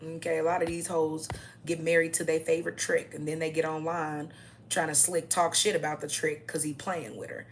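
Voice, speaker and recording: Young woman going off on a profane mocking rant, deep voice with lots of vocal fry. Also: flat delivery, normal speed, slight background noise. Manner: repeats "okay?" as a tag. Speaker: vlogger. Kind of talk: ranting monologue to camera.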